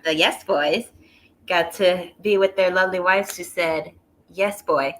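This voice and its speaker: A woman's voice: lowish voice, steady tone, unhurried, a bit bright. A woman co-hosting a casual wrestling review stream, adding dry, wry asides and wordplay. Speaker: wrestling review show co-host. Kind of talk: casual live-stream chat.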